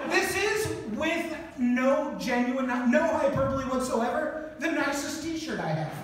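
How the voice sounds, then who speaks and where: A male host with a high voice jabs at his guest in slow, dry banter. He is heard from far off in a long-echoing hall, under loud noise. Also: animated. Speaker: podcast host. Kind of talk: casual banter. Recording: echoey hall, distant mic, loud noise.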